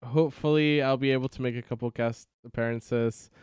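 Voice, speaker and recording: A man chats quickly and easily in a casual group conversation. His voice is smooth and clear, sitting in the middle range. The recording is close and dry. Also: medium pitch, steady tone, darkish tone, no room sound. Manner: quick, easygoing talk. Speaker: departing player. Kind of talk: casual chat.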